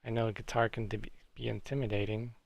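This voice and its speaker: A man's voice: on the low side, little pitch movement, fairly quick, vocal fry, no echo. A man streaming live, chatting casually with viewers and reacting to chat messages.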